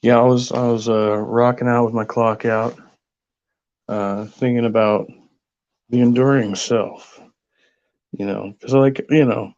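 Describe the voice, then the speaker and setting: A man's voice: mid-range voice, steady tone, a little slow, pauses often, a little mellow, muffled recording. A man hosting a casual livestream, greeting viewers and musing aloud in a rambling way full of fillers. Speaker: host.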